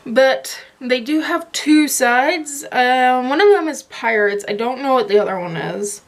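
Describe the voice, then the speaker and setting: A woman's voice: high-pitched, lively intonation, a little slow. A young woman chatting casually in a home vlog, rambling and laughing now and then as she talks to a handheld camera. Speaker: vlogger.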